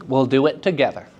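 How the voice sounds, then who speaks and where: A man giving a live drama workshop to high school students, chatty and self-deprecating, often turning to the class with questions. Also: a little mellow, lo-fi sound, slight background noise.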